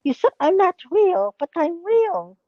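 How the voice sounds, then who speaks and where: A woman voicing a boastful leprechaun with a put-on Irish accent, demanding gold and making gruff threats. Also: very high-pitched, very animated, measured pace, no room sound, exaggerated voice. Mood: menacing. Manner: gruff, menacing banter. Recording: dull lo-fi sound.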